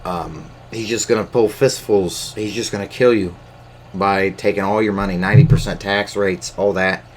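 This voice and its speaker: A man's voice: on the low side, steady tone, moderate pace, a little hiss or hum. A man talking casually into his camera mic, rambling and hesitant with lots of filler words and swearing. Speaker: solo podcast host.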